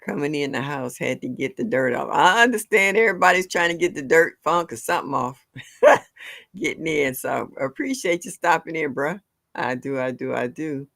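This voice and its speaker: A woman's voice: deep voice, lively intonation, normal speed, creaky, fairly bright tone. A woman hosting a livestream, chatting casually with her viewers and laughing often. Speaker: livestream host. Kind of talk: casual chat with live viewers.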